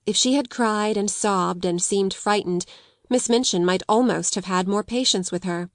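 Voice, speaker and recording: Measured woman audiobook narrator, dry sound. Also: mid-range voice, no room sound.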